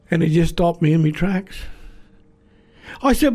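Earnest Australian evangelist man, high voice. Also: moderate pace, pauses often, mellow. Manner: earnest storytelling, acts out dialogue. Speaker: Aboriginal evangelist. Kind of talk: personal testimony.

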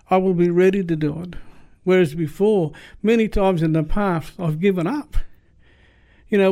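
High-voiced man preaching. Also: mellow. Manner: conversational, repetitive, many "you know" fillers. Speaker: lay preacher giving testimony. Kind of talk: informal sermon.

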